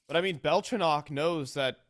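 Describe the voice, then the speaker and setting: A man casting an esports match play-by-play, building to excited shouts on big plays. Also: fairly high pitch, moderate pace. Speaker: esports caster. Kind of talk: live play-by-play commentary. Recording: game audio and noise behind. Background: game gunfire.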